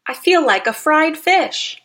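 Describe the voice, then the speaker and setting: A woman reading aloud as a picky, adventurous young trout from a storybook, fretting and exclaiming over every stream she tries. The voice is bright and clear and swings widely in pitch. It stays lively as she judges each habitat. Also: unhurried, exaggerated voice. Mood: disgusted. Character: adventurous female steelhead trout, fussy about water.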